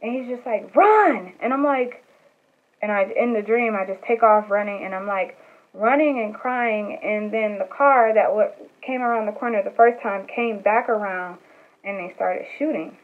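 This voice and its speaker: A young woman vlogger telling a personal story in a casual, animated way, with lots of "like" and "um" and acted-out quotes. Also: medium pitch, normal speed. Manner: animated retelling with acted quotes, many fillers. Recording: tinny phone-like sound with faint music.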